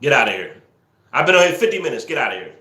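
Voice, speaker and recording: A man hosting a live stream, teasing viewers and scolding trolls in the chat, sometimes yelling excitedly. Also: mid-range voice, racing, reverberant. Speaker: livestream host. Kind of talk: casual live-stream commentary, talking to the chat.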